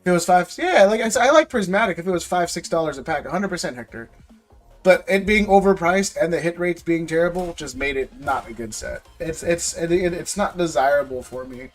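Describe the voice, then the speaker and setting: A man's voice: fairly high pitch, animated, fairly quick, soft background music. A young man hosting a casual livestream, rambling and ranting, often repeating his words. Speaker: live stream host opening card packs.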